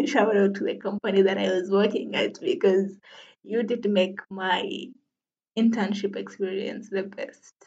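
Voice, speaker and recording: A woman's voice: medium pitch, fairly even intonation, a little slow, darkish tone, dull audio. A woman in her twenties hosting her own podcast in casual solo chat, laughing often and poking fun at herself. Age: 20s. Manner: chatty, laughs often, self-deprecating. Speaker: podcast host.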